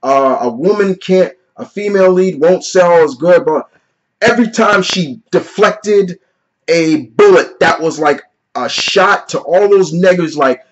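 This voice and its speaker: A man's voice: sits high, lively intonation, a little slow, highs cut off. A man in his thirties giving a casual vlog movie review, earnest and openly emotional, talking in loose "you know" and "like" phrasing. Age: 30s.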